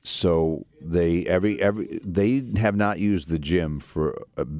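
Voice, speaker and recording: A man's voice: low-pitched, measured pace, darkish tone. A man hosting a radio talk show, speaking earnestly in a rambling way, with many restarts and fillers.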